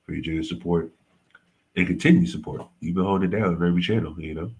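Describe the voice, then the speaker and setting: A man hosting a casual livestream history lesson, halting and often correcting himself. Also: low-pitched, darkish tone, breathy edge. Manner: halting, frequent self-corrections and apologies. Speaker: host teaching history on a livestream.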